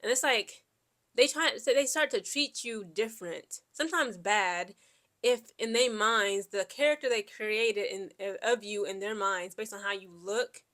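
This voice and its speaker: A chatty woman from Central Ohio tells personal stories to the camera. She rambles, scatters "like" and "okay?" through her talk, and acts out both sides of conversations, all at an ordinary, middle pitch. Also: measured pace. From Central Ohio, USA. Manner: quotes people in lively back-and-forth. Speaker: Air Force veteran vlogger. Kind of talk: casual personal storytelling.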